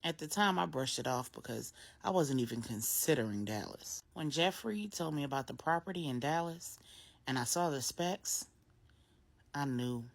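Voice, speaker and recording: A woman voicing a grown mother opening up to her best friend, earnest and searching. She sounds low and warm, talking it through in a plain, conversational way rather than a showy one. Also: expressive, moderate pace, vocal fry, exaggerated voice. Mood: reflective.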